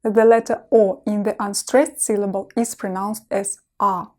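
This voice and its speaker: A woman teaching a language lesson, pronouncing each example slowly and distinctly as a model for learners. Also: medium pitch, little pitch movement, darkish tone. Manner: slow, clearly enunciated model pronunciation.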